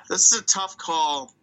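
A man's voice: a little high, pushed and bright, poor audio. A man co-hosting a hockey podcast, talking casually and thinking aloud as he weighs prospects and reads out stats. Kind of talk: casual chat.

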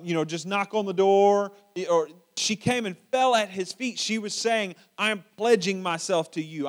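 A man with a notably high-pitched voice delivering a sermon. He talks in a relaxed, conversational way, often stumbling and repeating words while he finds his phrasing. He sounds middle-aged and paternal. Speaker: pastor.

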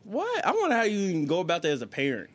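Male podcast co-host, dry teaser, animated intonation. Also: high voice, racing. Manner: teasing, dry comebacks. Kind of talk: casual podcast chat.

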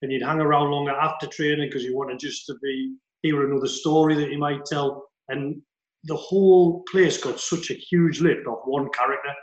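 A man's voice: a little high, steady tone, normal speed, lo-fi sound. Enthusiastic man in an echoey room. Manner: enthusiastic, fond. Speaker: former footballer. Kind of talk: casual reminiscing. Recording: roomy echo.

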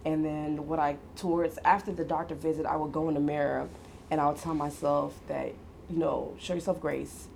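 A woman in her fifties with a low, gravelly voice tells family stories in casual conversation. She talks animatedly, slipping into other people's voices and laughing often. Faint background noise sits under her voice. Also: little pitch movement, a little fast, darkish tone. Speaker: guest mother.

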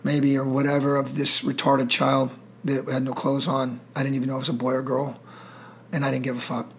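A man's voice: medium pitch, monotone, a little fast, slight background noise. A middle-aged man telling war stories in an interview, intense, emotional and profane. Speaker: guest, military veteran. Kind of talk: storytelling interview.

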